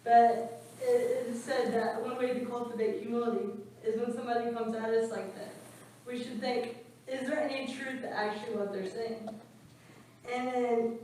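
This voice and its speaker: A woman's voice: on the high side, darkish tone, slight background noise. Woman class speaker, storytelling style, echoey room and a mic set far away. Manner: storytelling with acted quotes. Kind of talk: scripture class talk. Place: temple room.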